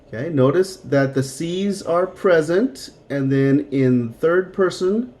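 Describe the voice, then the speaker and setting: A man's voice: mid-range voice, a little mellow. A man teaching a beginner Spanish lesson, patiently drilling verb forms one by one. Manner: patient, drills words slowly. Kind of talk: classroom-style language lesson.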